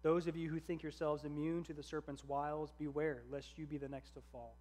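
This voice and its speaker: A man voicing a grieving, merciful old king who speaks slowly, solemnly and tenderly. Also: on the high side, level tone, a little mellow, lightly acted.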